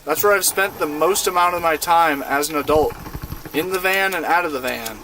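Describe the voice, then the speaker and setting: A man's voice: on the high side, moderate pace, sharp tone, slight background noise. A young man in his twenties, streaming a game and chatting with his viewers in a laid-back, slangy way from inside a van. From United States. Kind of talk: casual live-stream gaming chat.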